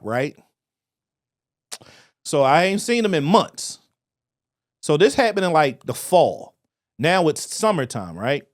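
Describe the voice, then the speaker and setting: A man with a Baltimore accent telling a profane, animated story on a casual podcast, acting out voices as he goes. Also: a little high, dry recording, clean studio sound. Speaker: podcast co-host.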